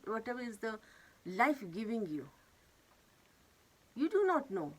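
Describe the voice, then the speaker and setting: A woman telling a moral fable in an earnest, gently instructive way. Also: sits high, poor audio. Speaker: storyteller of wisdom talks. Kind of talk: moral storytelling.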